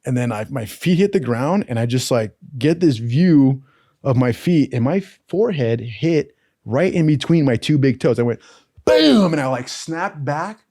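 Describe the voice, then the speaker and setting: A man's voice: mid-range voice, lively intonation, moderate pace, dark tone, dry recording, studio quality. A man telling rambling, profane stories in a casual, chatty way. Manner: profane, rambling anecdotes with acted quotes. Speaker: storyteller. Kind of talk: casual storytelling.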